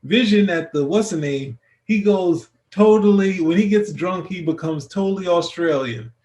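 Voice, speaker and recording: A man's voice: sits high, moderate pace, dark tone. A man co-hosting a casual review chat, rambling with many restarts as he thinks aloud. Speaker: podcast co-host.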